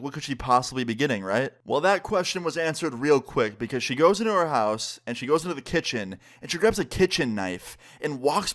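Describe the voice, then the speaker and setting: A young man telling a personal story in casual storytime style, acting out dialogue and filling his speech with "like". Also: medium pitch. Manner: animated, quoting others in quick dialogue with lots of "like".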